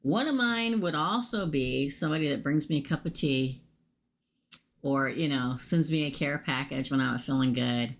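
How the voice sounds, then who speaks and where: Creaky-voiced woman losing her voice. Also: sits low, normal speed. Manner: chatty, excitable, addresses viewers by name. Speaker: tarot reader hosting a live stream. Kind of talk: casual live tarot reading.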